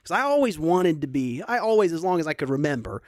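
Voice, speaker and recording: A man's voice: on the high side, big pitch swings, fast, no echo, studio quality. A young adult man, a singer hosting a livestream concert, chatting casually and rambling through a sentimental story with many restarts.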